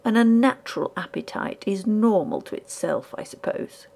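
Woman reading a ghost story, gravelly. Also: medium pitch, expressive. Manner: measured, hushed dramatic reading with whispered asides. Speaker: audiobook narrator. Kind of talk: scripted narration of a ghost story.

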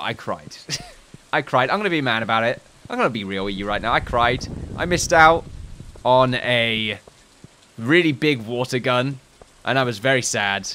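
A man chats his way through a farming game, wandering off into jokey tangents and reading item descriptions aloud. His voice sits in a middle pitch with a bright, forward edge. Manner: rambling, jokey asides, reads game text aloud. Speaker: let's play host. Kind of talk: casual gameplay commentary.

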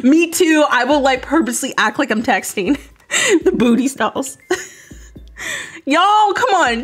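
A woman's voice: sits high, a bit bright. A young woman from the United States, chatting casually and laughing while streaming a video game. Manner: chatty, laughing, rambling with fillers.

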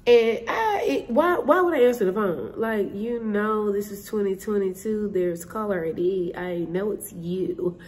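Speaking at a measured pace with few pauses, a woman with a mid-range, slightly mellow voice films a storytelling vlog indoors at her concierge job. She chats directly to her "y'all" audience, laughing frequently.

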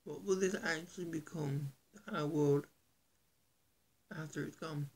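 A man vlogging to his viewers in an earnest, halting, soft-spoken way, with a gravelly, husky voice. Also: a little high, fairly even intonation. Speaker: YouTuber. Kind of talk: casual vlog to camera.

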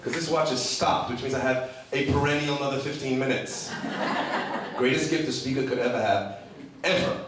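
A rabbi giving an animated sermon, telling stories and asking rhetorical questions. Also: male voice, medium pitch, brisk, noisy background. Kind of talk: sermon with storytelling. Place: large hall at a women's gathering. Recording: echoey hall from far off.

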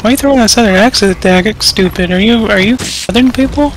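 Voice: mid-range voice, quick pace, poor audio. A gamer in casual voice chat, playful and teasing.

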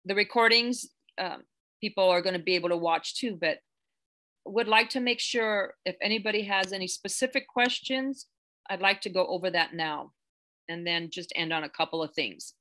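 A woman's voice: mid-range voice, moderate pace, pushed and bright. A woman who works as a real estate agent, teaching a live online class in an earnest, chatty way with many fillers and restarts. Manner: gets emotional, close to tears.

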